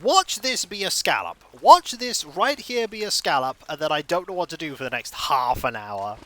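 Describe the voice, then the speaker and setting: A man's voice: on the high side, big pitch swings, moderate pace, a bit bright. A man streaming a video game, rambling through jokey, self-mocking asides. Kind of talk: casual gaming stream commentary.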